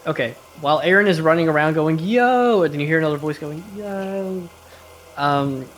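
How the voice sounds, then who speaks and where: A man's voice: a little high, flat delivery, racing, fairly bright tone, a little hiss or hum. Casual male game master describing scenes. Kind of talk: narrating a tabletop game.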